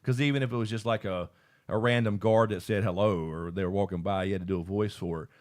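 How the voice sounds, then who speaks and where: Hosting a relaxed live-stream chat, this man speaks fast in a low, slightly mellow voice with fairly even intonation. His talk wanders loosely as he reads out what viewers type in the chat.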